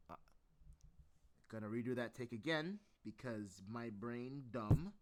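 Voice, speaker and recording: Slow-talking man rambling between voice takes. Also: mid-range voice, animated. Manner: rambling, self-deprecating, laughs at himself. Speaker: voice acting hobbyist. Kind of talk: casual voice acting practice commentary.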